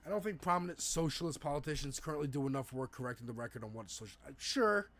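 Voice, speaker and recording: A man's voice: mid-range voice, expressive, fast, a bit bright. A man co-hosting a casual political livestream, talking in a profane, rambling way with frequent restarts. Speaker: livestream co-host. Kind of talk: casual political talk stream.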